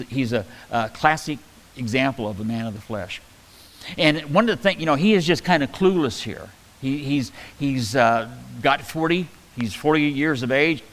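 A male pastor teaches a Bible passage in a relaxed, conversational sermon. He often stops, repeats himself and fills pauses, and his voice sits at an ordinary middle pitch. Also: rough recording. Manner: conversational, halting, many fillers and restarts.

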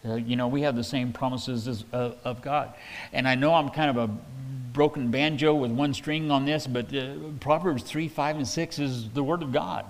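A pastor preaches verse by verse in a conversational, folksy style, retelling scripture in everyday words with restarts and paraphrased quotes. His mid-range voice has fairly even intonation and normal speed. There's a long reverb tail and slight background noise.

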